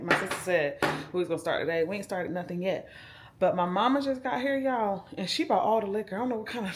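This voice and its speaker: A young woman, chatting casually to her camera at home in a laid-back vlog, talking straight to her viewers. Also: mid-range voice. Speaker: vlogger. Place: at home, indoors. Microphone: handheld camera.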